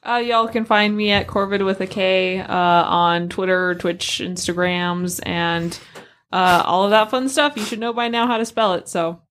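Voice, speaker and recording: A woman chats on a podcast about a film she liked. Her voice sits at a middle pitch. She hesitates and fills her sentences with "like.". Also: fairly even intonation, measured pace, a bit bright. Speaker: podcast co-host. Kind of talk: casual film review chat.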